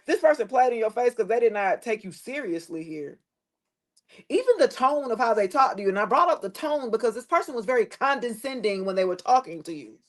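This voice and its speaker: A woman giving a casual tarot reading to the camera, blunt and preachy, swearing freely and dropping her voice low at times. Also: animated, a little fast. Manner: preachy, blunt and profane, with loose slangy phrasing; drops into a lower tone at times. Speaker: tarot reader.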